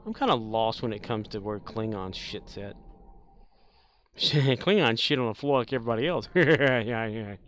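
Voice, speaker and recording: A man's voice: mid-range voice, lively intonation, moderate pace, a bit bright, slight background noise. A man streaming a game live, chatting casually, joking, laughing often and repeating words playfully. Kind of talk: casual live-stream chat while gaming.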